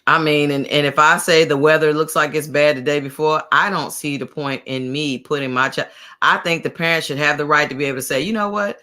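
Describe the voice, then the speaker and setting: Female podcast guest, brand coach, casual banter, sharp bright tone. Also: deep voice, steady tone, fairly quick. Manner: laughing, incredulous banter. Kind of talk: casual chat.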